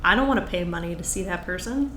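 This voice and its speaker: A woman's voice: lowish voice, fast talker. A woman stand-up comedian, a podcast guest, talking casually and animatedly about comedy. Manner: animated, acts out other comics' cadences. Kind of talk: casual conversation. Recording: roomy with faint noise.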